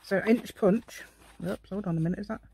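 A woman's voice: mid-range voice, a little fast, background noise. A middle-aged woman demonstrating a craft project, rambling and chatting to herself in a playful put-on posh telephone voice. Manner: rambling, chatty, talks to herself while working. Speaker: crafting channel host.

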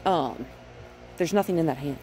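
At home and in the yard with her dogs, a woman dog trainer gives a chatty, casual demonstration, explaining step by step and often checking in with "right?". Her low-pitched voice is mellow and moderately paced, with soft music in the background.

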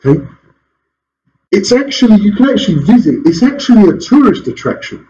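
A man's voice: high voice, very animated, fairly quick, mellow, muffled recording, a little hiss or hum. A man preaching a sermon as pastor in a church, asking rhetorical questions and chuckling between points. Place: church hall.

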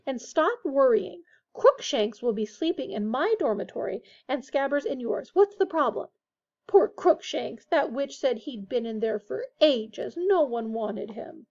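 Woman playing a teen girl, gushing, bossy, brisk, high voice, muffled lo-fi. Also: expressive, a little mellow, exaggerated voice. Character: eager, bossy teenage girl. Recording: dull lo-fi recording.

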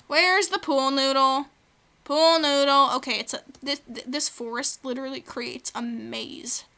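A woman's voice: high-pitched, slow, pushed and bright. A woman hosting a video game let's play, chatting playfully and talking to the creatures on screen. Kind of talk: gaming commentary.

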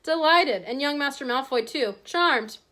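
Woman putting on a fawning, stooping shopkeeper, high and oily. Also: lively intonation, unhurried, pushed and bright, full character voice. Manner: oily and obsequious.

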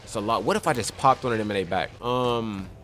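A young man giving excitable let's play commentary on a horror game, talking to his viewers and yelling at enemies on a desk microphone. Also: lowish voice, fairly quick, a little hiss or hum. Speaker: gaming youtuber.

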